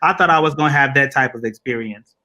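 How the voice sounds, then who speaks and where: A man's voice: medium pitch, fast, pushed and bright. A man co-hosting a casual panel, telling stories in a loose, profane, laughing way. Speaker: co-host.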